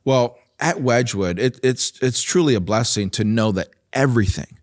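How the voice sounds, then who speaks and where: A man in his fifties, a nonprofit leader, telling stories in a relaxed interview with easy laughs and filler words. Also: medium pitch, moderate pace, no echo, clean studio sound. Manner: warm storytelling with frequent laughs and fillers. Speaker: nonprofit president and guest.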